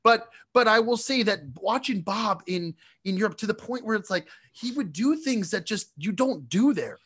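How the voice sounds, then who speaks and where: A man co-hosting a casual podcast, telling an animated story and often laughing. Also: sits high, normal speed, husky. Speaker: podcast co-host.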